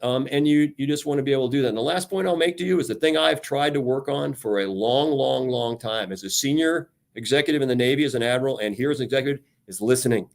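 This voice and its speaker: Energetic retired admiral talking leadership. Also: male voice, medium pitch, quick pace, vocal fry, few pauses. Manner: energetic, animated storyteller acting out quotes. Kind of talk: casual radio talk on leadership.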